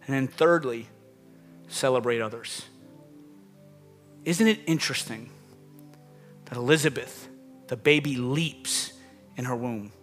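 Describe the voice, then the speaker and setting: A man's voice: medium pitch, a little slow, long pauses, faint music behind. A man preaching a sermon as pastor, emphatic, his voice rising and dropping with the point he makes. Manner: emphatic, rising and falling dynamically.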